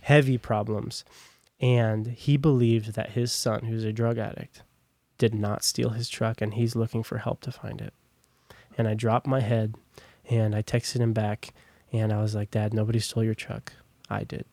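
Speaking as a podcast guest, a young man tells his personal testimony in a fairly low, warm voice with flat delivery and a measured pace, with no echo. His manner is casual and meandering, leaning hard on "like" and "long story short."

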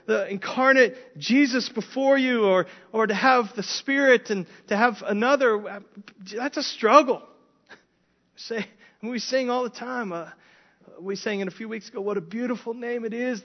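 A man's voice: very high voice, dull audio. A man preaching a conversational sermon as a pastor, often repeating words and asking the congregation questions.

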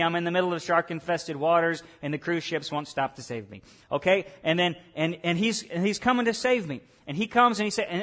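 A man preaching a sermon, asking the room questions and rising loud on key points. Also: a little high. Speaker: pastor.

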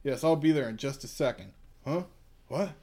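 A man's voice: mid-range voice, normal speed, a little mellow, close to an everyday voice. A man doing a dim, bored security guard. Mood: dismissive.

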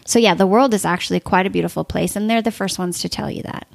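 A woman with a gravelly, fry-touched voice recounts her stories in an animated, conversational way, full of "like" fillers. She is recorded close and dry, with no room sound. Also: medium pitch, fast talker, dry recording. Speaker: podcast guest. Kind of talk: conversational storytelling.

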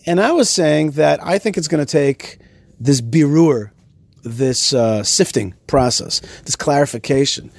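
Host, male, slightly higher voice, animated storyteller who restarts often. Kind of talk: casual podcast conversation.

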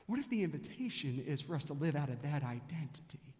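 High-voiced preacher in a echoing hall. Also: male voice, big pitch swings, dark tone. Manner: storytelling preacher, slows for emphasis, rhetorical questions. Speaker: pastor. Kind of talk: sermon. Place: large church sanctuary. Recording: long church hall reverb.

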